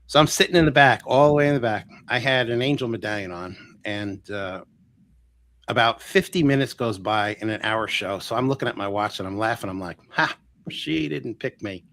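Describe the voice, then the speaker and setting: A man talking casually as a guest on a live interview show, retelling a personal story with lots of acted-out quotes and quick restarts. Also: lowish voice. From Florida. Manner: animated, acts out quoted voices, restarts often. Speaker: guest healer.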